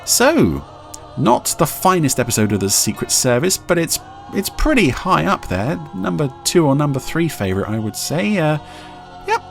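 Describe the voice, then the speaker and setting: Man musing with lively pitch. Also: moderate pace, vocal fry, soft background music. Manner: hesitant, many fillers and restarts. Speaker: podcast host reviewing an episode. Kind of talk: casual review chat.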